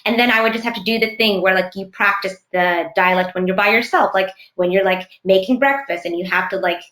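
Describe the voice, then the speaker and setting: A woman actress talking thoughtfully in an interview, often pausing to search for words. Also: mid-range voice, sharp tone, reverberant. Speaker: actress guest. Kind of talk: casual interview chat.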